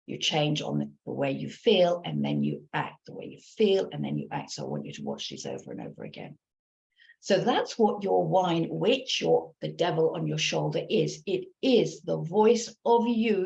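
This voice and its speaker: A woman coaching live in an earnest voice with a gravelly, fry-edged texture. She keeps circling back to repeat her points. Her audio sounds dull and lo-fi, like a livestream. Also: lowish voice, a little mellow. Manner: earnest, repetitive, loops back over points. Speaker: recovery coach.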